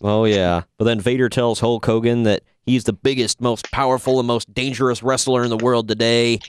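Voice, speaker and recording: A laid-back man chatting casually on a podcast, sarcastic and quick to laugh. His voice is smooth and resonant, recorded close and dry with no room sound. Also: mid-range voice, steady tone, no echo. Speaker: podcast host reviewing wrestling. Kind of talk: casual chat.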